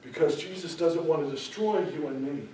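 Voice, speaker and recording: A man preaching a sermon, speaking emphatically and building to loud, passionate peaks. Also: fairly high pitch, normal speed, a little hiss or hum. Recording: very echoey room, voice far from the mic.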